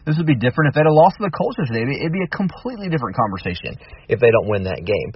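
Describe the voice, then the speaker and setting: A man hosting sports talk radio, heated and argumentative, peppering the listener with rhetorical questions. His voice is a touch husky and dry, heard from a slight distance on a dull, muffled line. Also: medium pitch, no room sound. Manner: animated, argumentative, rapid-fire rhetorical questions.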